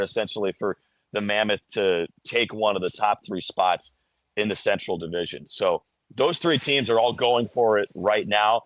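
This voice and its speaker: A man's voice: on the low side, fairly bright tone, no echo. A man, a hockey radio broadcaster, calling in to break down his team's standings in a casual analytical way. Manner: analytical, talks through stats with restarts. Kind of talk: sports radio phone-in analysis.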